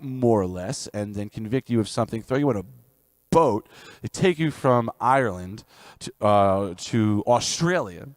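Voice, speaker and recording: A man's voice: mid-range voice, no echo, studio quality. A man live streaming music, chatting casually and rambling between songs. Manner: chatty, rambling asides, sings folk songs loudly.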